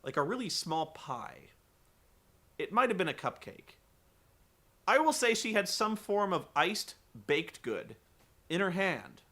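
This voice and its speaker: A man recapping a wrestling show for comedy, rambling and incredulous, swearing and acting out the quotes loudly. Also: sits high, big pitch swings, a little slow, long pauses.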